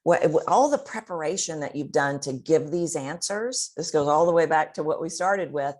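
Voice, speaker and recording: A woman with a notably low voice gives expert advice as a voice coach. She talks expressively and often demonstrates the techniques she describes. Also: expressive, moderate pace, darkish tone. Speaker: voice coach guest.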